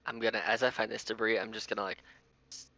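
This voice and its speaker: A man's voice: on the low side, flat delivery, fast talker, vocal fry, bright, forceful tone, low-quality recording. A man in a goofy, laughing mood describing his moves in casual tabletop game chat. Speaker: player.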